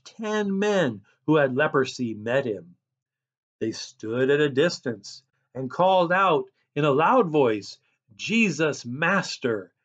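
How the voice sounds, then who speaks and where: A man preaching a sermon as a pastor, reading scripture and describing himself as a loud person. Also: mid-range voice, dull audio.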